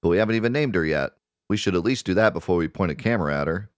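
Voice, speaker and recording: A soft-spoken, devoted young mother from a game, played by a man reading her lines. Her voice stays earnest and gentle, and it sounds dry and close. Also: deep voice, lively intonation, rapid-fire, clean tone, dry recording. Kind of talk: reading game dialogue aloud.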